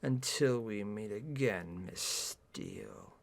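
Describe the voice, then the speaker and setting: A man voicing a stern, brooding rich young man in a slow, hushed, breathy way, as a mock-dramatic book reading. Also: on the low side, wildly swooping pitch, voice pushed down, full character voice. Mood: smoldering.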